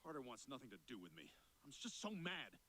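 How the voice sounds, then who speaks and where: Sardonic cartoon dog, bright and lively. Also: male voice, medium pitch, a little fast, a little hiss or hum. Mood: wheedling. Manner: sardonic, wheedling.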